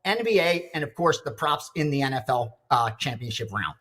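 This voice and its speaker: A man's voice: medium pitch, animated, moderate pace, a bit bright. A man on a sports betting show who reads off his picks and then tells a story in a fervent, preachy way. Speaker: sports handicapper. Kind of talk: reading picks, then casual chat.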